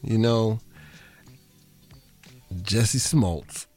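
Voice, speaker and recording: A man's voice: fairly low pitch, extremely slow, darkish tone, soft background music. A man co-hosting a radio show in casual chat, blunt and joking. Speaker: radio co-host.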